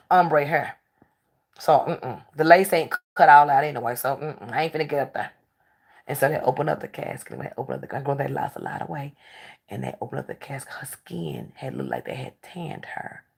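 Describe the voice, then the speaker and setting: A woman talk show host telling stories in casual chat, blunt and candid, swinging between animated outbursts and hushed asides. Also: extremely low pitch, a little fast, vocal fry, breathy edge.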